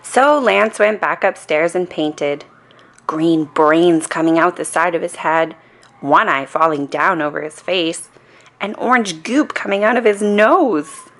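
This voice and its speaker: A woman reading a children's storybook aloud in a calm, soothing bedtime manner. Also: fairly low pitch, measured pace. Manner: calm, soothing reading with playful character voices.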